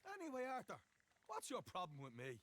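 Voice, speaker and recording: An actor playing a brash, mouthy young outlaw in a game cutscene, taunting and boastful. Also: male voice, sits high, wildly swooping pitch, fairly quick, fairly bright tone, exaggerated voice.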